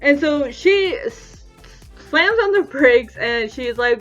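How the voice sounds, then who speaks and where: A young woman with a high, bright voice tells a personal story to camera, acting out the voices of the people in it. The audio is a little dull, with soft music playing underneath. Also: unhurried. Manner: animated retelling, acting out quoted voices. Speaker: vlogger.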